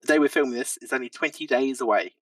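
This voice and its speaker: A man's voice: medium pitch, fast talker, fairly bright tone, no room sound, far from the mic, poor audio. A man who plays tabletop games, chatting on a podcast in a self-deprecating way, with lots of likes and ums. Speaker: tabletop game player and podcast guest. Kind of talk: casual podcast chat.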